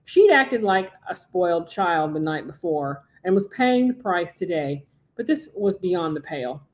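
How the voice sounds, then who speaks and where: A woman author reading aloud from her own novel at home as a podcast guest, after a relaxed, chatty setup. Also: on the low side, measured pace.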